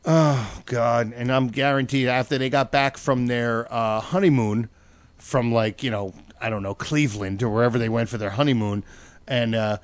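A man's voice: medium pitch, steady tone, normal speed, no room sound. A man hosting a talk show, bantering mockingly and rambling with fillers. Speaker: radio show host.

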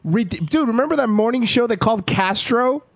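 A man co-hosting a talk show, joking and interjecting in excitable casual banter. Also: very high-pitched, moderate pace, creaky, no echo. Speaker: radio show co-host.

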